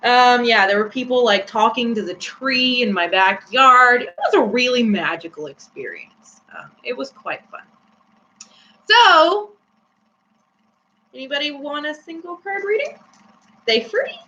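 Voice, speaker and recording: A woman's voice: on the high side, animated, unhurried, pushed and bright. A woman hosting a casual live-stream tarot reading, chatty and giggly with many fillers. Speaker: host. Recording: slightly dull with faint hum.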